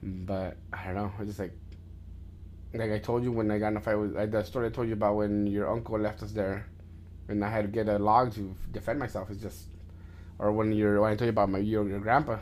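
Rambling, profane dad telling stories. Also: male voice, fairly low pitch, brisk, a little hiss or hum. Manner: rambling, with many restarts and swearing; gets loud and animated in fight stories. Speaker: podcast host talking with his son. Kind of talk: casual storytelling chat.

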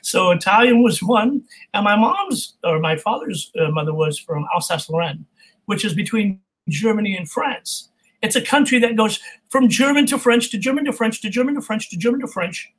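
Husky high-voiced man, jokey. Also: normal speed, rough recording. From California. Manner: animated, jokey, slips into voices. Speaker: voice actor guest. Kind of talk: casual interview chat.

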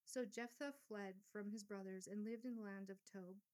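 A woman's voice: mid-range voice, steady tone, moderate pace, darkish tone. A woman leads a Bible study, reading verses aloud and then putting them in plain everyday words. Her tone stays casual and conversational between the readings. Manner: reads scripture aloud, then paraphrases in casual asides.

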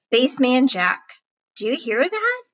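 Woman voicing a female spaceship captain, urgent, bright, storybook. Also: high-pitched, very animated, measured pace, pitched above the performer's own voice, full character voice, low-quality recording. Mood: alert.

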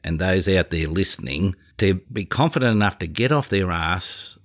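Australian male podcast host, lowish voice, blunt and earthy. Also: lively intonation, moderate pace. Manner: blunt, earthy, drops his voice when serious. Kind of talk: casual interview.

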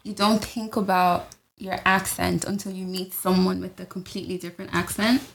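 A woman co-hosting a podcast in casual chat, easygoing and quick to agree or ask questions. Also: lowish voice, level tone, creaky, slight background noise. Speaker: podcast co-host.

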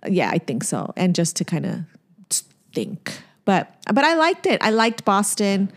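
A woman's voice: mid-range voice, very animated, a little slow. A woman co-hosting a casual podcast chat, telling stories in a loose, rambling way with lots of fillers and restarts. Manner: chatty storyteller, many fillers and restarts. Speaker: podcast co-host.

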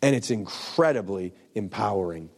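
A man's voice: lowish voice, lively intonation, normal speed. A man preaching a sermon with impassioned, emphatic declarations. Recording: long hall reverb.

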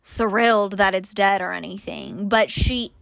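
A woman's voice: medium pitch, a little slow, vocal fry, fairly bright tone, no room sound, clean studio sound. A woman co-hosting a podcast in casual chat, playful and slangy, laughing often. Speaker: podcast co-host.

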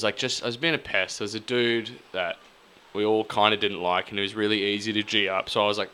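Swearing Australian bloke telling a story. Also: male voice, on the low side, smooth. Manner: swears freely, animated storytelling. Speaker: podcast co-host. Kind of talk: casual chat.

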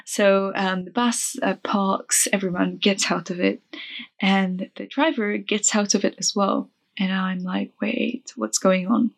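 A young woman casually retelling a travel mishap for a vlog, chatty and animated, with lots of fillers and restarts. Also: medium pitch, measured pace.

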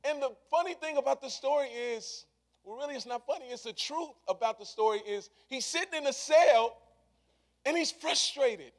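A man preaching a sermon in casual, conversational words, repeating his points and swinging from hushed to loud. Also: extremely high pitch, normal speed.

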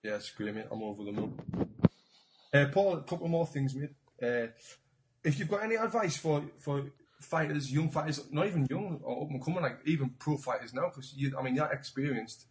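A man asking casual, halting questions as an interviewer. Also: fairly high pitch, poor audio.

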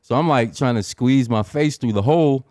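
A man's voice: mid-range voice, moderate pace, darkish tone, no room sound, clean studio sound. A married man telling a rambling, profane story in casual chat, acting out his own reactions as he goes. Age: adult, married.

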